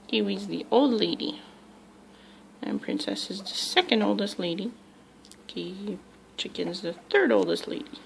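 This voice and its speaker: A woman's voice: mid-range voice, a little slow, creaky, long pauses, slight background noise, poor audio. A woman at home talking to her pet parrots and narrating, often cooing in baby talk to them. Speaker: pet vlogger.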